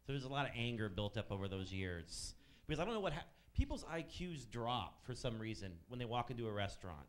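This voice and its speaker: A man's voice: medium pitch, very animated, a little fast. Stand-up comic, male, 30s, sardonic and profane, mid-range voice. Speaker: stand-up comedian. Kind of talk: stand-up set. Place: comedy club stage.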